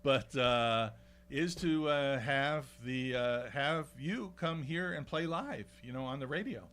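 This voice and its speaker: A man's voice: mid-range voice, slow pace, a bit bright. A man hosting a local radio show, chatting casually and losing his train of thought with many fillers. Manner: rambling, hesitant with many fillers. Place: radio studio.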